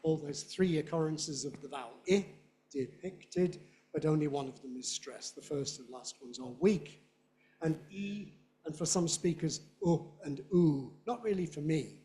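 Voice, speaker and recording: Man, Southern British accent, middle-aged, university lecturer, playful, sounds out examples, slightly high pitch. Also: a little fast, hardly any pauses. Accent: Southern British English. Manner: animated, playful, demonstrates sounds aloud. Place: lecture hall.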